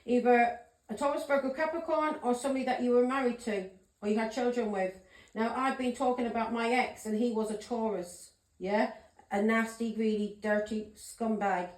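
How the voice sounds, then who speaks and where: A woman's voice: on the high side, steady tone, moderate pace, a little mellow, roomy sound. A woman giving a tarot reading vlog, a blunt, ranting straight talker who swears freely. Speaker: tarot reader.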